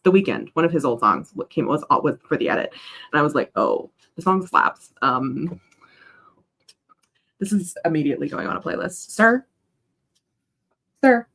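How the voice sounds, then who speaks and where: A woman's voice: low voice, big pitch swings, normal speed, fairly bright tone, slightly rough. A young woman hosting a casual co-working stream. She rambles between chat messages and coos at her dog. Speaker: writing livestream host.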